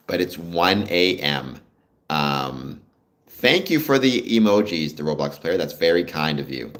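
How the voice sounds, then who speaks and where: A fairly low-voiced Canadian man with a lively, swinging delivery, chatting loosely through a livestream. He reads out viewer comments and answers them in a relaxed, conversational way. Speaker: livestream host. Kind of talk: casual live-stream chat with viewers.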